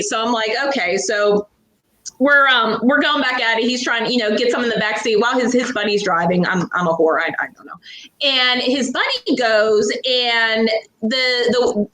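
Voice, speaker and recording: A young adult woman from Pittsburgh, a guest author telling a story in a lively, laughing way. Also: on the high side, moderate pace. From Pittsburgh, USA. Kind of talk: casual storytelling. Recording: echoey room.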